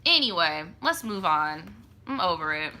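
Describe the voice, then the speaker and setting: Profane, heated young woman host, bright tone. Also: on the low side, big pitch swings, measured pace. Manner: blunt, profane, heated slang-heavy reactions. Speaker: host reading viewer stories. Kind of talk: live-stream storytime commentary.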